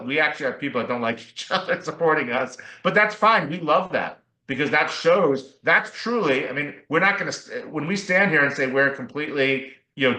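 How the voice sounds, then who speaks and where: Earnest, bright-voiced attorney in a roomy room. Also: male voice, medium pitch. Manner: earnest, explanatory, checks in with "right?" and "okay?". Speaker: attorney guest. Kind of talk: podcast interview.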